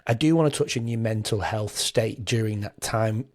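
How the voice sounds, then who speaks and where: A man's voice: lowish voice, moderate pace. A man hosting a podcast, asking long, winding questions full of fillers. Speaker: podcast host. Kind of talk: interview conversation.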